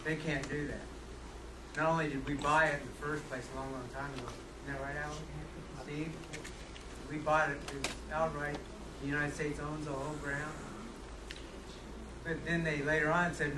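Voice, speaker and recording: A man's voice: a little high, little pitch movement, moderate pace, pauses often. A man in the audience chiming in with a blunt, conversational comment. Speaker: audience member. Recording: distant, echoey room with loud background noise.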